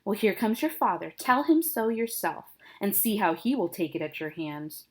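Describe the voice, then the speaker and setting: A stern, cold noble mother speaks in measured, formal verse, as a woman reads her part aloud. The voice stays close to a plain middle-pitched speaking tone. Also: big pitch swings, husky. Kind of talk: dramatic reading of a play.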